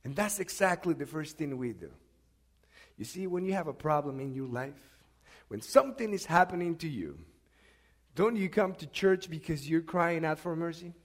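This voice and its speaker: A man preaching a sermon, swinging between loud, urgent outbursts and hushed asides, and asking the congregation questions. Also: on the high side, expressive, normal speed. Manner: asks the congregation questions and has them repeat.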